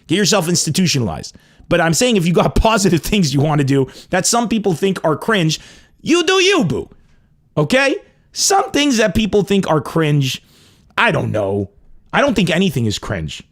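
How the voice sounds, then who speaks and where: A man hosting a comedy podcast, riffing in an emphatic, profane monologue that swings between loud bursts and low asides.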